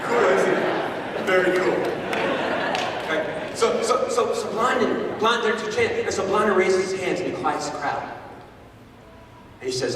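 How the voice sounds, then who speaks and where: A man giving an animated talk to a live audience, telling a story and repeating words, in an echoey hall heard from far off. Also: fairly high pitch, normal speed, crowd noise, noisy background. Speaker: guest speaker.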